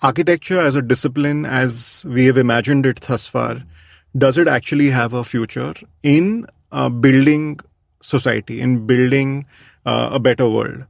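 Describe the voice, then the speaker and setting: A man's voice: mid-range voice, moderate pace, vocal fry, no echo, clean studio sound. A man, an architect being interviewed, speaking reflectively with many fillers and restarts. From India. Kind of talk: thoughtful conversational interview.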